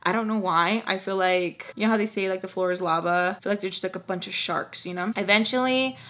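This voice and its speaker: A young woman telling a story to her vlog audience in an animated, chatty way, swearing freely and saying "like" constantly. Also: medium pitch, fairly quick. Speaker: vlogger.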